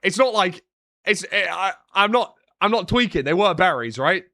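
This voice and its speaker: A young British man rambling on a live stream, swinging between deadpan sarcasm and excited outbursts. His voice sits high and sounds bright and forward, caught dry and close on the mic. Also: no echo. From Britain. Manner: joking, sarcastic, quick swings in energy. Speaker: streamer and analyst. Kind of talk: casual live-stream chat.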